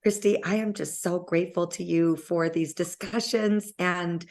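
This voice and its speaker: A woman hosting an interview, talking reflectively in a halting, soft-spoken way with many pauses. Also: on the low side, steady tone. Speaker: interview host.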